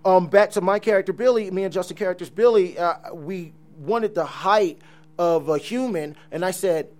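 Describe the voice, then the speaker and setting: A man from New Jersey, a comic book artist, chatting casually and animatedly, laughing often and trailing off quietly at times. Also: sits high, normal speed. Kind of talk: casual chat.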